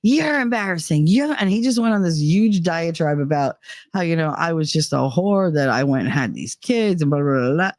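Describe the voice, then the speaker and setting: Woman podcast host, low voice, dry close sound, swears freely and laughs through her stories. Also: lively intonation, normal speed, a little mellow, no room sound. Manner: candid and profane, laughing between lines. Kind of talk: casual personal storytelling.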